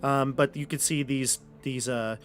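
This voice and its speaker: A man's voice: mid-range voice, fairly even intonation, measured pace. A man narrating a tabletop role-playing game as game master, in rambling, chatty descriptions full of fillers.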